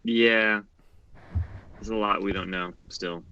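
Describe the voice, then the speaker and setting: A man playing a tabletop game, speaking in a relaxed, slightly hesitant way. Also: on the low side, slow pace, smooth, lo-fi sound. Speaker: player.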